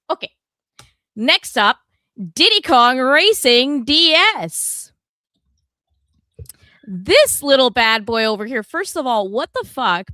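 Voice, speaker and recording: A woman's voice: on the high side, sharp tone, dry recording, clean studio sound. A woman co-hosting a gaming podcast in casual chat, blunt and chatty, swearing freely. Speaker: podcast co-host.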